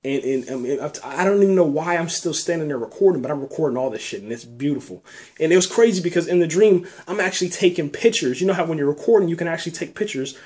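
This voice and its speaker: Fast and a little high, with lively intonation and a slightly mellow tone, this man rambles through a nightmare he had. He swears plenty and peppers the casual story with "man" and "you know."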